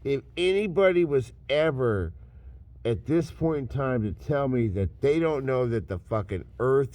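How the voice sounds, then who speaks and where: A man ranting to camera, swearing constantly and swinging between mocking shouts and low mutters. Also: dry recording. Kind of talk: profane rant to camera.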